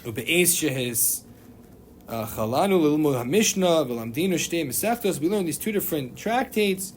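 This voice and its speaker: A man teaching a class in a loose, conversational lecture, his voice sitting a little higher than most men's. He wanders off on tangents and restarts his sentences often, with plenty of fillers. Faint noise hums behind him. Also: animated, normal speed. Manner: digressive, many fillers and restarts. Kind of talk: informal lecture.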